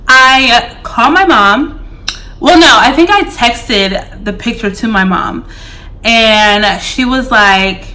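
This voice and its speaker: A young woman in her twenties tells a storytime to her viewers. She speaks slowly with a bright, forward tone. Her delivery is chatty and loose, scattered with fillers as she talks straight to the audience. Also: a little high, animated. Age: 20s. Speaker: vlogger. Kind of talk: casual storytime.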